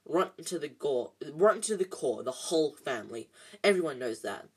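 A reader voicing a huge, gruff gamekeeper who talks bluntly and loudly in a storybook reading. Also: medium pitch, lively intonation, moderate pace. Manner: loud, blunt commands.

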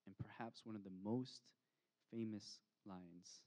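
A man preaching a sermon as pastor, reflective, reading scripture aloud with slow, emphatic pauses. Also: lowish voice, fairly even intonation, dark tone.

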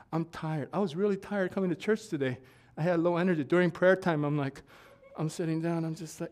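A man preaching a sermon in a church, swinging from loud shouting to quiet joking asides with laughs. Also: on the high side. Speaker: pastor.

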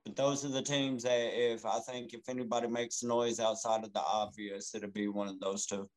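A man's voice: fairly low pitch, level tone, moderate pace, poor audio. A man, co-hosting a casual sports podcast in a laid-back, drawling way. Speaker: podcast co-host.

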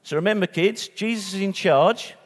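Male preacher, somewhat high pitch, casual and halting sermon delivery, church hall reverb. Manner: chatty, repeats words, restarts.

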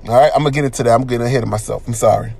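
A man's voice: medium pitch, steady tone, very fast, vocal fry, a little mellow, husky. A man giving an informal sermon in an earnest, conversational way, with slang and lots of repetition. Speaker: preacher.

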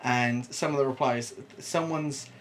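A man's voice: mid-range voice, fairly even intonation, unhurried, fairly bright tone, a little hiss or hum. A young man, chatting casually and rambling with frequent restarts. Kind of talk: casual chat.

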